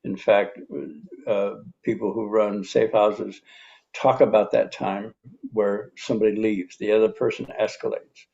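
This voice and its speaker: A man in his seventies giving a reflective teaching talk, unhurried, pausing often and repeating calm self-affirmations. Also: on the low side, vocal fry, muffled recording. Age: 70s. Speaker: speaker on personal healing.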